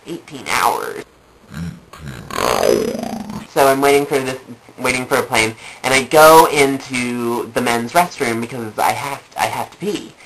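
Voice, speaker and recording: This vlogger, a young adult woman with an extremely low voice, tells humorous personal anecdotes in a meandering style packed with filler words and repeated phrases. The audio is rough.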